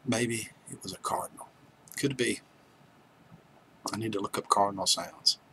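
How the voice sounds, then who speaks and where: A man's voice: lowish voice, steady tone, moderate pace, gravelly, bright, forceful tone, a little hiss or hum, low-quality recording. A man hosting a livestream, chatting casually and joking with viewers as he reads their names aloud. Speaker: livestream host. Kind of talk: casual chat with live viewers.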